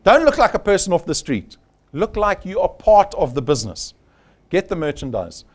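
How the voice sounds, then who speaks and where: A man presenting a live sales workshop, his voice sitting a little high and swinging widely in pitch. He speaks in short, punchy phrases and hammers home each point. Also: very animated, normal speed. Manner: emphatic, punchy, repeats key points. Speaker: sales trainer.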